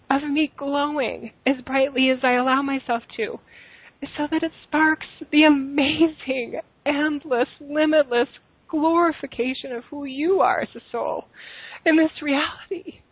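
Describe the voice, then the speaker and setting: A woman hosting a call-in spiritual talk show. She pours out praise and affection for her callers, and her voice sits a little high. The sound is dry and tinny, like a phone line. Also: measured pace, no echo. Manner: effusive, warm and affectionate with callers. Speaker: podcast host.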